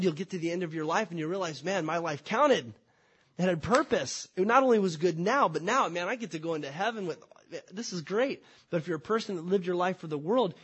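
A man's voice: sits high, breathy edge. A man preaching a sermon as pastor, impassioned and conversational, asking rhetorical questions.

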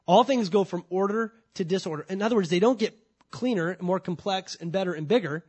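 A man's voice: high voice, a little fast, darkish tone, husky. A man preaching a sermon as pastor, emphatic and repeating his key points while asking the audience rhetorical questions.

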